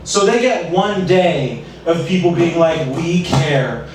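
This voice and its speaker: A man doing a self-deprecating stand-up set at an open mic with a dry, deadpan delivery. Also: high-pitched, unhurried, slight background noise. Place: small comedy club stage. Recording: echoey room, far from mic.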